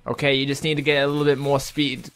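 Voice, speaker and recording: A man's voice: mid-range voice, level tone, fast talker, a bit bright, clean tone, faint music behind, lightly acted. A man putting on a vague accent as a patronizing mock driving instructor addressing children. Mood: mock teacherly. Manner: put-on vague accent, teacherly sing-song.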